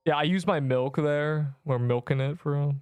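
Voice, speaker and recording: A man commentating his gameplay on a livestream, excitable, laughing often and rambling through asides. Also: fairly high pitch, normal speed, smooth, no room sound, lo-fi sound.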